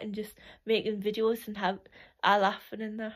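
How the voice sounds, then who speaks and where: A woman's voice: medium pitch, flat delivery, moderate pace. A young woman reminiscing in a casual, rambling way, full of "like" and restarts, often laughing.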